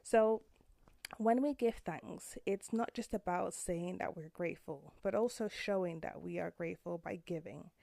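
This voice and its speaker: A woman in her thirties talks earnestly into her podcast mic from a room at home, her voice low, warm and gravelly with fry. The sound is dry and close, with no room echo. She speaks with open feeling that at times turns emotional. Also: moderate pace. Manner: heartfelt and earnest, gets emotional. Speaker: podcast host. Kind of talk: personal podcast monologue.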